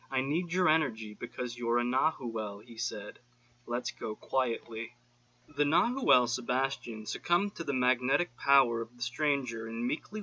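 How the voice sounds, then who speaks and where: Bright-voiced man reading a story. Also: medium pitch, muffled recording. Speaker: audiobook narrator. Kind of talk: scripted narration.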